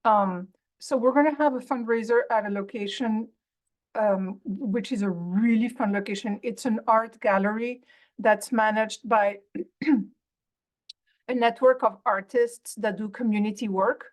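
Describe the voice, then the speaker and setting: A woman on a video meeting describing a fundraiser in a halting way, stopping to clear her throat. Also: on the high side. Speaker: fundraiser organizer. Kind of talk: casual meeting update. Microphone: video call.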